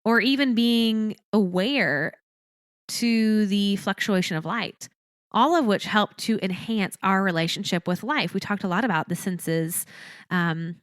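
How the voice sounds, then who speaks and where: A woman's voice: medium pitch, measured pace, dry recording, studio quality. A woman hosting a podcast alone, talking earnestly in a teaching way and repeating phrases for emphasis. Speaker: podcast host. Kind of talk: reflective solo podcast talk.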